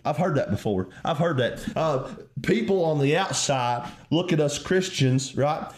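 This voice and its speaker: A man preaching a fervent sermon, calling the listeners "friend" and swinging between quiet reflection and raised emphasis. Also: on the high side, animated, measured pace, few pauses.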